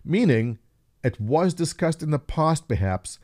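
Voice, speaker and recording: A man's voice: on the high side, very animated, a little slow, a little mellow, no echo, clean studio sound. A man hosting a casual gaming news video, giving commentary with wry, sarcastic asides.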